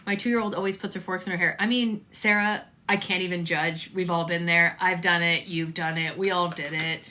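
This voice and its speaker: A woman's voice: on the low side, fairly even intonation, moderate pace, sharp tone. A woman hosting a live stream, chatting upbeat and casually with viewers while making slime.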